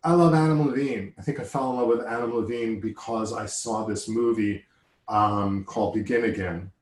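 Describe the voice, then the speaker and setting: A man's voice: lowish voice, normal speed. A man chatting casually and enthusiastically, rambling between thoughts and joking about himself. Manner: enthusiastic, rambling, self-deprecating. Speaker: conversation partner. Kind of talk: casual chat. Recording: roomy echo.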